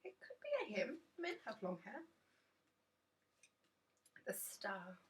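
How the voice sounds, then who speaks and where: A woman's voice: fairly high pitch, huge pitch swings, takes it slowly, far from the mic. A woman chatting enthusiastically and rambling casually about a tarot deck in a dim room.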